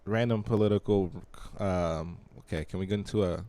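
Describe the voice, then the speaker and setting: A man's voice: sits low, normal speed, warm tone. A man hosting a podcast in casual chat, joking and swearing as he rambles through stories. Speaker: podcast host.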